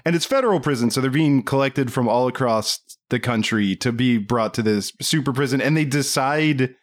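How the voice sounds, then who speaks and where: A man co-hosting a podcast, talking through a movie in casual chat, animated and incredulous, laughing often. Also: medium pitch, normal speed. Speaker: podcast co-host.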